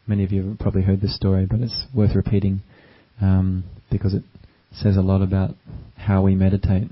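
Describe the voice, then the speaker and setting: A male meditation teacher gives a gentle, unhurried dharma talk. His deep voice stays very flat and even. The recording is dull and lo-fi. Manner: gentle, unhurried, with many fillers.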